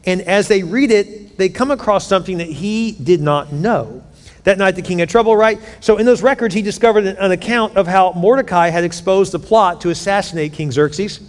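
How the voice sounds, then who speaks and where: Man, pastor, sermon, high voice, lively storytelling, long hall reverb. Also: moderate pace. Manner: animated storytelling, acting out characters' lines.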